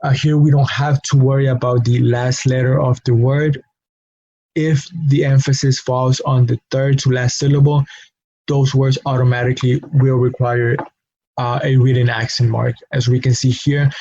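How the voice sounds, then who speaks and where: A man teaches pronunciation rules, pausing often with fillers and repeating each example word. His voice is mellow and husky and stays flat in pitch. The recording sounds dull and lo-fi. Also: dry recording. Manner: slow, hesitant with many fillers, repeats example words. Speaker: Spanish teacher.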